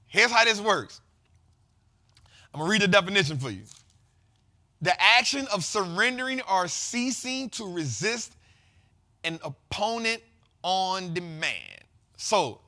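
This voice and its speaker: A man hosting a casual investing show, explaining market terms in slangy, repetitive, animated talk. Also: sits high. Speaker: host.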